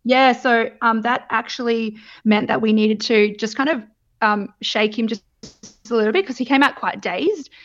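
A young woman talks through her birth story in a casual, candid chat, laughing often and swearing without a second thought. Her voice sits a little high. The recording is slightly dull and lo-fi. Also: moderate pace. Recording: dull lo-fi sound.

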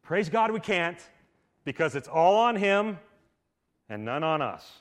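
A man preaching a sermon in a casual, conversational way, filling his talk with "like" and swinging from loud emphatic bursts to hushed lines. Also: on the high side, very animated, unhurried. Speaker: pastor. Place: church service.

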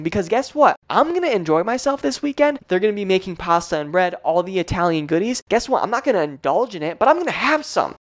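A fitness coach leading a live training session for clients, talking straight to viewers with energy, blunt encouragement and casual swearing. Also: medium pitch. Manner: direct address to viewers, frequent "all right?" check-ins.

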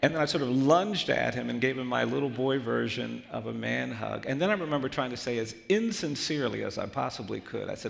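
A man speaking as a guest lawyer at a public event, telling a personal story in an earnest, slow way that drops to a hush. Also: mid-range voice, animated, gravelly, in a large hall, slight background noise. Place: large event hall.

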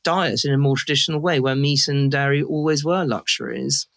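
A woman's voice: rumbling low, steady tone, brisk, vocal fry, dry recording. A British woman chatting as a guest on a podcast, effusive and full of fillers, talking from London. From Britain. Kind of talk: casual podcast chat.

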